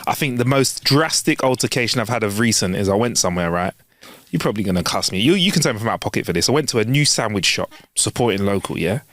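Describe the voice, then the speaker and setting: A man's voice: on the low side, animated, quick pace, a bit bright, no echo. A young man with a London accent, co-hosting a podcast, telling stories animatedly and swearing freely. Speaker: podcast co-host. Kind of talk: casual chat, anecdote telling.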